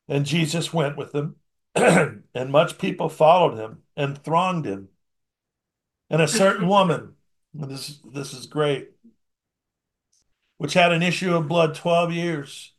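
A man with a slightly high-pitched voice delivers a sermon, reading scripture aloud and then unpacking it in plain, conversational talk. He swings between emphatic, raised bursts and soft, almost mumbled asides. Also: slow, pauses often. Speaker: preacher.

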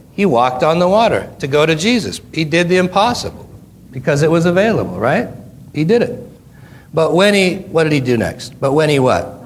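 A man's voice: on the high side, slight background noise. A middle-aged man preaching a Bible study, reading scripture aloud and stopping to quiz his listeners with folksy, joking asides. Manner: reads scripture then asks the listeners questions.

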